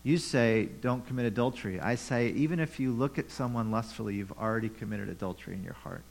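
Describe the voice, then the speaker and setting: A man's voice: medium pitch, fast talker, vocal fry, rough recording. Male pastor, mid-range voice, conversational sermon with repeated rhetorical questions. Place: church.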